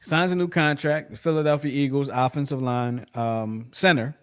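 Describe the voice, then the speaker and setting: His voice is medium-pitched, steady, slightly bright, clear and resonant, moving at a moderate pace. As a sports podcast co-host chatting casually, he rambles, repeats points, restarts, and uses many fillers.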